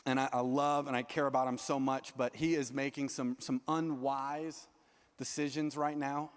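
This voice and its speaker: A young man preaching a sermon as youth pastor, earnest and animated, often restarting his sentences. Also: mid-range voice, normal speed, clean tone, long reverb tail.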